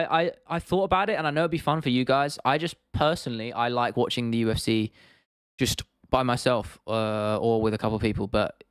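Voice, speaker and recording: Reading viewers' chat comments on a relaxed livestream, a young man from England rambles, restarts often, and breaks into laughter. His mid-range voice has a fairly bright tone, and the studio recording is clean with no echo.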